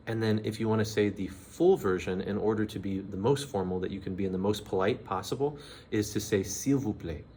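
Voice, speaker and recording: A man giving a casual language lesson, repeating phrases slowly with frequent fillers. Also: fairly low pitch, a little mellow, a little hiss or hum. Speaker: language teacher.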